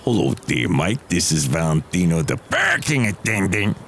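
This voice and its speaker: A man voicing a gruff, deep-voiced male parking attendant who grumbles in a low confiding tone. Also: very animated, moderate pace, fairly bright tone, slight background noise, full character voice. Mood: friendly.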